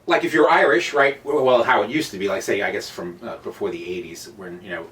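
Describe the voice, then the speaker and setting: A man's voice: fairly low pitch, recorded from a distance, a little hiss or hum. A man from Brooklyn, telling stories as a comedian guest, with lots of fillers. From Brooklyn, New York. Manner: fast, animated, lots of fillers. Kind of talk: casual storytelling chat. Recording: voice a bit off-mic.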